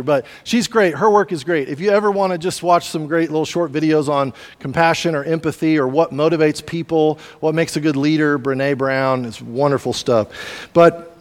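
Man preaching a sermon in a hall. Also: fairly high pitch. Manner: conversational storytelling with asides. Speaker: pastor.

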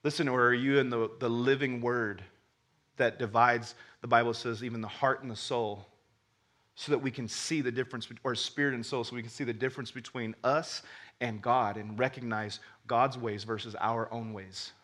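A man preaching a sermon as pastor, telling a story with lively acted-out voices and frequent restarts. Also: medium pitch, moderate pace. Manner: animated storytelling, acts out characters, laughs with the crowd; stammers when starting sentences.

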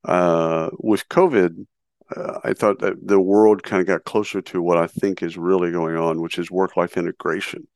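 Low gravelly sarcastic man. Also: fairly even intonation, moderate pace, a little mellow, no echo, clean studio sound. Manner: opinionated, sarcastic, self-deprecating, rambling. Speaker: interview host. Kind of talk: casual conversational interview.

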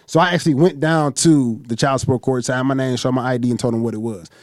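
A man, host of a chat show, telling a long story in a profane, animated way and acting out what others said. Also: medium pitch, quick pace, no room sound, studio quality. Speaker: podcast host.

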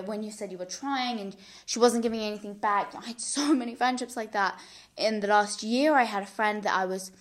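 Chatty young woman giving earnest advice. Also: fairly high pitch. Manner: earnest, chatty, many restarts and repeated words. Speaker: podcast host giving advice. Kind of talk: casual advice chat.

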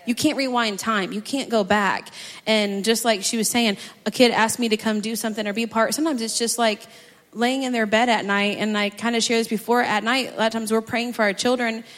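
A middle-aged woman speaking as a church guest, sharing her parenting stories in a chatty, animated way. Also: fairly high pitch, brisk. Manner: chatty, animated, acts out her own outbursts. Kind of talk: personal testimony on a church stage. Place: church sanctuary. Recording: long hall reverb.

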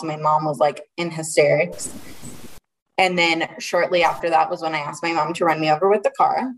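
Low-voiced woman, halting and earnest. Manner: earnest, halting, with frequent restarts. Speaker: interview guest. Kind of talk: personal storytelling in an interview. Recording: voice a little far from the mic.

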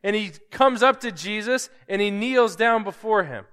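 High, bright-voiced preaching man. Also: moderate pace, smooth, long reverb tail. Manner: emphatic preaching with rhetorical questions. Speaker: pastor. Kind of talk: sermon.

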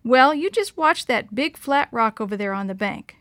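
Woman voicing a drawling river guide; folksy, dry close sound, higher voice. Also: expressive, normal speed, fairly bright tone, no room sound. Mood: amused. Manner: folksy drawl, rough grammar. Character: drawling rugged adult male river guide.

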